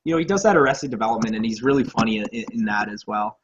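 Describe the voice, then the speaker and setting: A man's voice: fairly low pitch, fast, lo-fi sound, slight background noise. A man co-hosting a casual movie podcast, laughing often and swearing as he riffs on films. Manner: animated, laughing, swears, does mocking quoted voices. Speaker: podcast co-host. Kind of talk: casual chat about movies.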